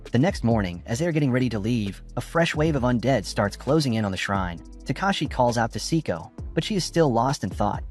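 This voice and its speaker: Brief: male narrator, mid pitch, animated read, soft music bed. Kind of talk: scripted recap narration. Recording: faint background music.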